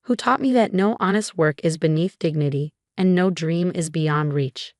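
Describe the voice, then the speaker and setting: A woman's voice: fairly low pitch, moderate pace, darkish tone, no room sound, clean studio sound, natural voice. A woman reading an earnest young daughter. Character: eager young woman, business-minded daughter.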